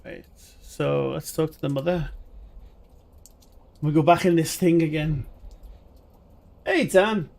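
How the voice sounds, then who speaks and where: Gravelly man streaming a game. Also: on the high side, slow, long pauses, a little mellow. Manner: rambling, chatty, talks to chat viewers. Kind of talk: live gaming stream commentary.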